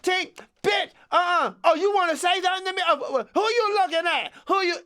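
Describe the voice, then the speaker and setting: A man doing a loud rowdy teenage boy yelling on a bus. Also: extremely high pitch, brisk, pitched above the performer's own voice. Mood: taunting. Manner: yelling, taunting, insulting.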